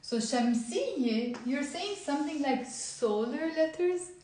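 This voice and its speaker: A woman with a fairly high voice runs a live online lesson. She chats as she goes and keeps coaxing listeners to repeat after her. The sound is roomy, with echo off the walls. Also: animated, unhurried, a little mellow. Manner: chatty, encouraging, coaxes viewers to repeat aloud. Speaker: Lebanese Arabic teacher. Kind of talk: live-streamed language lesson. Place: indoor room at a whiteboard.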